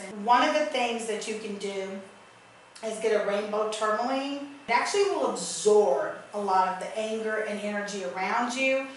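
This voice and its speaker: A woman psychic host gives earnest, emphatic advice in a relaxed conversation. Her voice is picked up from a distance in a very echoey room, with a faint hiss behind it. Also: mid-range voice, moderate pace. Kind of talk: casual spiritual advice chat.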